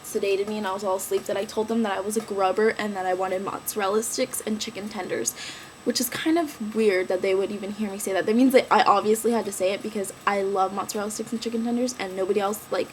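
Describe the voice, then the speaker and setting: A young woman telling a story in a casual vlog, animated and slangy, acting out quoted lines in a raised voice. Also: mid-range voice, fast talker, slight background noise, low-quality recording. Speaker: vlogger.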